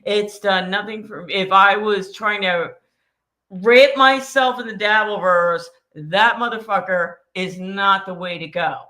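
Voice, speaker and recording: A woman's voice: medium pitch, measured pace. A woman co-hosting a casual podcast, ranting bluntly and swearing freely. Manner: blunt, profane, animated ranting. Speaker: co-host.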